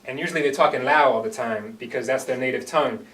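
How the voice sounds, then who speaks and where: A man's voice: mid-range voice, fast, a bit bright. A man performing an earnest first-person dramatic monologue after a hesitant introduction. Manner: earnest storytelling, hesitant fillers when introducing. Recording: distant microphone.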